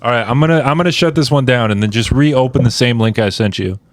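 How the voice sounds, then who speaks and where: A man's voice: medium pitch, fast, no room sound. A man co-hosting a podcast, chatting casually and cracking crude jokes. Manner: crude, joking. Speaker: podcast co-host. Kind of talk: casual chat.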